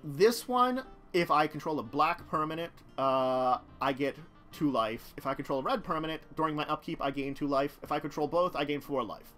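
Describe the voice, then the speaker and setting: On a live stream, a man casually comments on a card-game deck, rambling, chatting with his chat, and chuckling. He speaks at a moderate pace with a fairly high pitch and a sharp tone, with faint music behind him.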